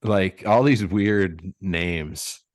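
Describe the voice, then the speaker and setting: A man's voice: low voice, very slow. A man hosting a casual podcast chat, playful and jokey, laughing often. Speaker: podcast host.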